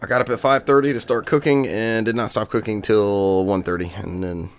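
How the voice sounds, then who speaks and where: A man's voice: on the low side, steady tone, brisk, a little hiss or hum. Joking man hosting a podcast. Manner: joking, rambling, laughs often. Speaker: podcast host. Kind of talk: casual video game podcast chat.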